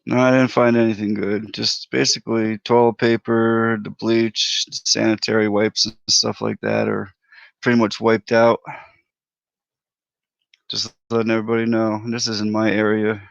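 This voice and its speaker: Gravelly man hosting a livestream. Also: lowish voice, monotone, moderate pace, dry recording. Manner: laid-back, chatty, greets viewers by name. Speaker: livestream host. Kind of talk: casual livestream chat. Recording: dry, dull lo-fi audio.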